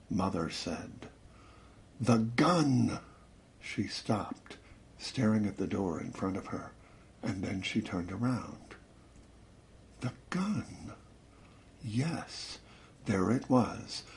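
A man narrating a suspense story in a measured, dramatic reading that slows and drops to a hush at tense moments. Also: lowish voice. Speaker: audiobook narrator.

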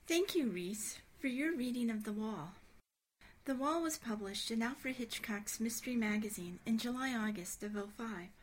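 A woman's voice: on the high side, lively intonation, normal speed. A woman host thanking the reader and introducing the story's background. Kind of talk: program outro.

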